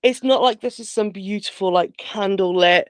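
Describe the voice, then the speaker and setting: A woman's voice: mid-range voice, normal speed, a little hiss or hum. A woman co-hosting a podcast, chatting casually and frankly as she recaps a film with sarcastic asides. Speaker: podcast co-host.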